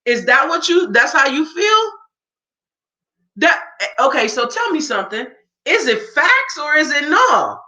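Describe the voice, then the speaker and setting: Slow, emphatic woman ranting in a roomy space. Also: high voice, big pitch swings, bright, forceful tone. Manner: emphatic, rhetorical questions, informal. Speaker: political commentator. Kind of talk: reaction commentary rant. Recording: roomy echo.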